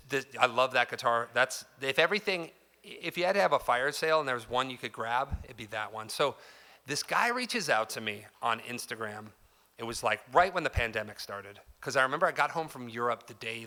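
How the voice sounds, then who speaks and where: Guy at a guitar shop clinic spinning a story for the crowd, loose and chatty, lots of "dude" and "like", bright punchy tone. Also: mid-range voice. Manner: chatty and loose, heavy on "like" and "dude", acts out quotes. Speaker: guest guitarist giving a store clinic. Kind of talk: casual storytelling to a live audience. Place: music store clinic in front of an audience.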